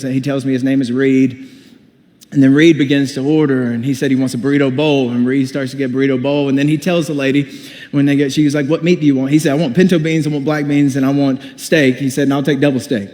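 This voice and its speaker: A man with a fairly high voice preaches in a large, echoing hall. He tells his story with humor and acts out the voices of the people in it. The long reverb trails behind his words. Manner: animated, humorous storytelling with acted-out quotes. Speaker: pastor. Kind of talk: sermon storytelling.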